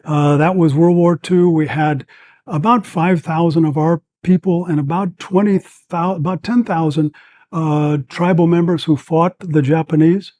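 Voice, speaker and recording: An older man in his seventies, a former combat medic, telling stories as a podcast guest, rambling and animated with many fillers. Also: fairly high pitch, measured pace, no echo. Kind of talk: storytelling in a podcast interview.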